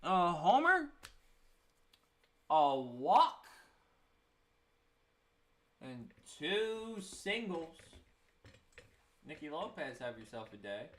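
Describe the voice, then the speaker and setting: A man's voice: on the high side, sing-song, extremely slow, long pauses, fairly bright tone. A young man giving casual live baseball play-by-play, tired and yawning, with self-mocking asides between the calls. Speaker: play-by-play streamer.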